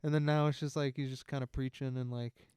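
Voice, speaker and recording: A man's voice: mid-range voice, level tone, a little fast, a little mellow, smooth, no echo. A young man co-hosting a podcast, laid-back and casual, often stumbling over his words. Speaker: podcast co-host. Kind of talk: casual chat.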